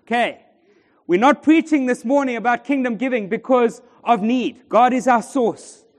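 A man's voice: extremely high pitch, moderate pace. A man preaching a sermon in a church, joking and bantering with the congregation. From South Africa. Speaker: pastor. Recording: long church reverb.

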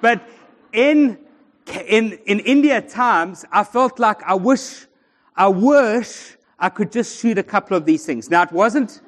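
A man's voice: high-pitched, lively intonation, takes it slowly. A man preaching a sermon in a church, joking and bantering with the congregation. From South Africa. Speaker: pastor. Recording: long church reverb.

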